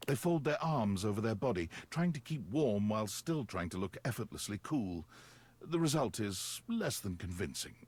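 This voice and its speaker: A man narrating a video game in a dry, wry storybook manner, with a husky voice. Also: lowish voice, very animated, moderate pace, darkish tone.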